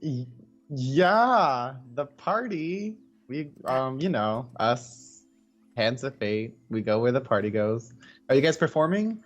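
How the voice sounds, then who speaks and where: A man's voice: mid-range voice, animated, takes it slowly, highs cut off, faint music behind. A man playing a theatrical, gushing male demigod hero.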